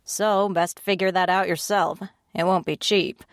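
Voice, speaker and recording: Woman reading a blunt pack leader, bossy and swearing, lowish voice, dry sound. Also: steady tone, unhurried, clean tone, dry recording. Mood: curt. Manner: curt, commanding, swearing. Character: blunt, foul-mouthed adult woman shifter pack leader running a bar.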